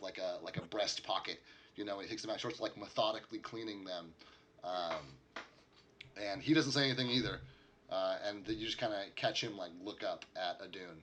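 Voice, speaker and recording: A man's voice: fairly low pitch, sharp tone, a little hiss or hum. A man narrating as a game master in a casual, rambling way, with many fillers.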